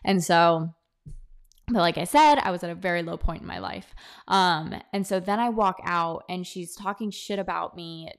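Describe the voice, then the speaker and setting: Young woman podcast host, low-ish voice, casual anecdotal delivery, close mic. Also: normal speed. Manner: chatty, animated, quotes others in dialogue. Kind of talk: casual storytelling monologue. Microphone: own podcast mic, close.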